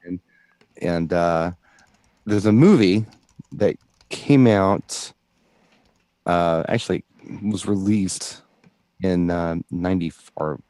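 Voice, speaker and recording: A man's voice: deep voice, slow pace, pauses often, warm tone, no echo. A man co-hosting a DJ show in casual chat, explaining things at length with enthusiasm. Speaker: DJ co-host.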